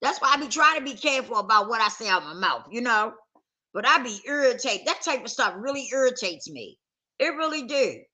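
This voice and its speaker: A woman's voice: on the high side, very animated, brisk, sharp tone. A woman vlogger talking straight to camera in a casual, emphatic rant, circling back to the same points with heat. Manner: emphatic, repetitive, heated.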